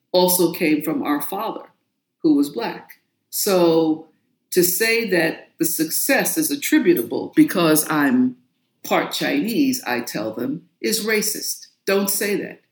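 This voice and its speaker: A woman from New York, an author and guest in an interview, telling her story in a forthright, emphatic way. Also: low-pitched. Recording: roomy echo.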